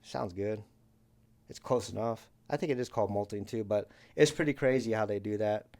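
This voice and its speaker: A man's voice: fairly low pitch, normal speed, darkish tone. A young man co-hosting a podcast, telling rambling stories in casual chat and acting out the voices of the people he quotes. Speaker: podcast co-host.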